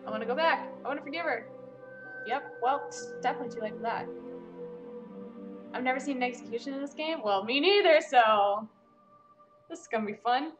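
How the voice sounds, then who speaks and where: A young woman streaming a video game live, chatting and reacting as she plays, flustered and excited at times. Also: sits high, a little fast, long pauses, faint music behind, low-quality recording.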